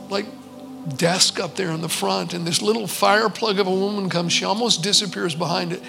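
Gravelly-voiced man preaching a testimony. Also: sits high, low-quality recording. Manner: earnest storyteller, conversational with quoted dialogue. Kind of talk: sermon testimony storytelling.

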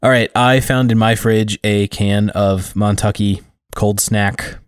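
A man from Montana co-hosts a relaxed podcast conversation with a low voice. He chuckles easily and talks in long, drawn-out stretches. The sound is close and dry. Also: clear, resonant tone, no room sound. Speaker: podcast co-host. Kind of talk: casual chat. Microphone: remote call mic.

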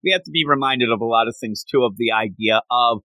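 A man's voice: mid-range voice, fast, bright, forceful tone, no echo. A man hosting a casual comic book review podcast, talking animatedly and acting out characters. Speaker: podcast host.

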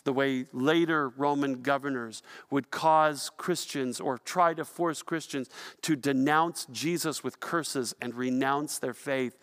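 A man delivering a sermon as pastor, telling a story with animation and swinging from hushed to loud. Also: mid-range voice.

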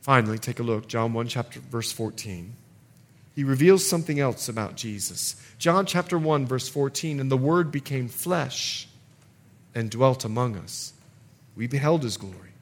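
A man preaching a sermon in an animated way, acting out little asides for the congregation. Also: mid-range voice, normal speed. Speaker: pastor.

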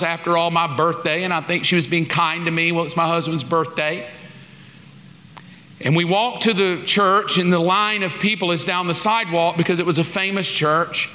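A man tells a sermon story, animatedly voicing his own prayers and what others said. His voice sits high and rings bright and forward. The sound carries a long reverb, as in a large hall. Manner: animated, acts out dialogue and prayers. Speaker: pastor.

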